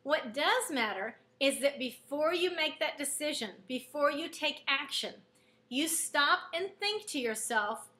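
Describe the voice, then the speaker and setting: A woman's voice: high-pitched, expressive, measured pace, pushed and bright. A middle-aged woman school counselor giving a classroom lesson to students, earnest and explaining with everyday examples.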